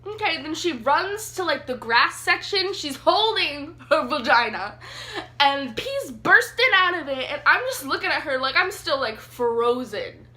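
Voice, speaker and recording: Bright, high-voiced young woman vlogger. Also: measured pace. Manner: chatty, animated storytelling with many fillers. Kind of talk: casual storytime vlog. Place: sitting on the floor indoors.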